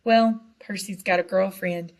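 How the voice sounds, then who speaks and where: A woman's voice: medium pitch, steady tone, measured pace, close to an everyday voice. Woman voicing a young schoolgirl, giggly, anxious, storybook reading.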